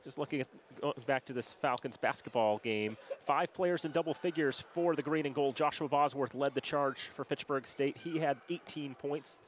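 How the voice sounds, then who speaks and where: A man's voice: mid-range voice, a little hiss or hum. A young man from New calling a college hockey game on local access TV, rattling off stats in a conversational style. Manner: stat-heavy, conversational, shouts on goals. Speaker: play-by-play commentator. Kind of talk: sports broadcast commentary.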